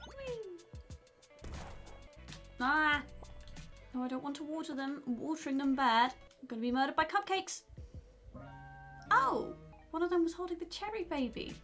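High-voiced playful woman gamer. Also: sharp tone. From outside the United States. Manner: playful, reads game dialogue aloud. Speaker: gaming YouTuber. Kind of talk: let's play commentary.

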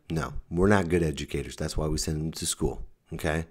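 A man hosting his own comedy podcast, ranting sarcastically, swinging from mutters to loud outbursts. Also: a bass voice, steady tone, fairly quick, hardly any pauses, slightly rough. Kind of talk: stand-up style podcast rant.

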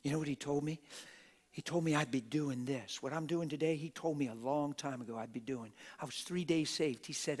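A middle-aged man preaching a sermon in a church auditorium on a stage microphone, talking plainly and swinging from hushed whispers to loud shouts. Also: fairly high pitch, fairly quick, slightly rough. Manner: plain-spoken, street-style talk.

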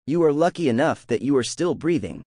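A proud and scornful thunder-god king, voiced by a man for a fan audiobook. He speaks in a commanding tone, and his pitch swings widely. The recording is dry and close. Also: lively intonation, fairly quick, dark tone, no echo.

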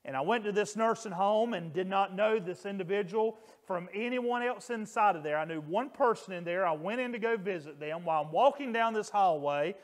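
Male pastor, middle-aged, higher voice, earnest sermon storyteller. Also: brisk, few pauses. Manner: earnest, emphatic, raises voice on quoted screams.

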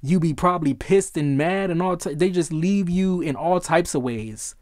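A man's voice: fairly high pitch, moderate pace, a little mellow, dry recording, studio quality. A man giving a casual tarot reading, emphatic and repetitive, swearing freely. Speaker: tarot reader.

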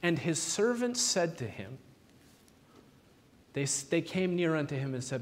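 A man preaching a sermon, retelling Bible stories with lively, animated delivery and quoting the figures in his own voice. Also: a little high, moderate pace. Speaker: pastor. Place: church sanctuary. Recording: long hall reverb in a church.

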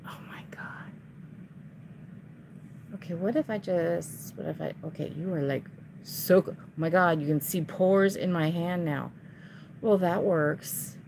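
Woman, casual vlog chat, slow unhurried talk, grumbling and sighing, faint background hiss. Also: on the low side, vocal fry. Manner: chatty and easily frustrated, sighing and muttering at the camera. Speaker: reseller showing items to viewers.

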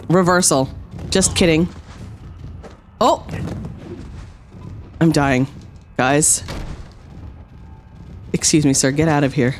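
A woman streaming a wrestling game, trash-talking with playful sarcasm, dropping low for tough lines and yelping high when surprised. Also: animated, measured pace, long pauses, soft background music. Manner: swings between low mock-tough lines and high yelps. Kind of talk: live gameplay commentary.

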